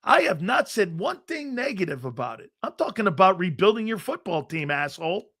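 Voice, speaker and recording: Man, sports radio host, combative rant, swears freely, high voice, bright forceful tone. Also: big pitch swings, brisk.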